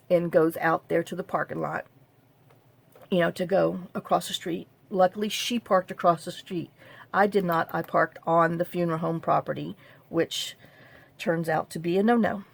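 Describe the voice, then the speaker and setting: This is a woman, talking straight to the camera in a casual, wandering way. Her voice sits low and has a rough, gravelly edge. She keeps cutting herself off and adding dry, half-joking asides. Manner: rambling, self-interrupting, half-joking. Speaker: craft vlogger.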